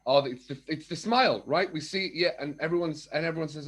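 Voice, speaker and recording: A man's voice: on the high side, quick pace. A man speaking as a podcast guest, telling his story openly and acting out remembered conversations in different voices. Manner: candid and animated, acts out remembered dialogue. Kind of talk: casual chat.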